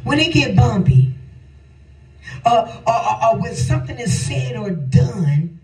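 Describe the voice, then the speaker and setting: An older woman preaching a sermon, swinging between shouted phrases and a sing-song cadence. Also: a little high, sing-song, unhurried. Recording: echoey hall, voice from a distance, faint music.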